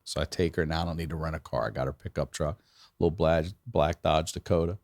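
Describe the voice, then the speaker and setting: A man's voice: rumbling low, fast talker, no room sound. A man telling a long, profane story in casual chat, acting out the voices of the people in it. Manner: profane, animated, acts out quoted voices. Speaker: podcast co-host telling a story.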